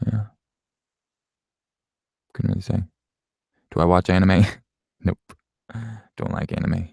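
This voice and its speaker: A man's voice: sits low, flat delivery, slow pace, gravelly, darkish tone, dry recording, studio quality. A man in his late twenties at home, answering viewer questions in a blunt, offhand way, swearing and laughing often. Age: late 20s. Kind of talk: casual Q&A chat.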